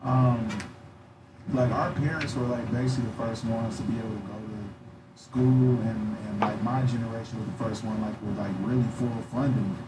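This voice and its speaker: Easygoing man, mid-pitched, loose chat in a roomy space with loud background noise. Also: fairly even intonation, moderate pace. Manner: laid-back, peppers speech with "man" and "you know". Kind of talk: casual conversation. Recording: echoey room with loud noise.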